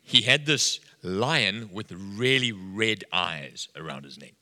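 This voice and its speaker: A man's voice: on the low side, lively intonation, slow pace, sharp tone. A middle-aged man preaching a sermon, telling a story and acting out the dialogue with animation. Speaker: pastor. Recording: long hall reverb.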